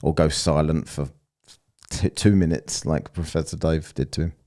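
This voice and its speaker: Sneering man with a deep voice. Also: fairly even intonation, normal speed, mellow. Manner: mocking, profane, sneering. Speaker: commentator reacting to clips. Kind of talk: sarcastic reaction commentary.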